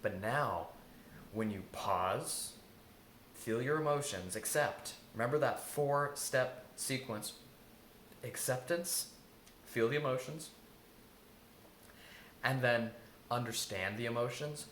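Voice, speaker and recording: A man's voice: medium pitch, slow pace, pauses often, a bit bright. An earnest man coaches listeners through their inner voices in a mid-range voice, repeating key lines for emphasis. He sounds roomy and echoey, with a faint hum behind him. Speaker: intuitive eating coach. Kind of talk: self-help talk.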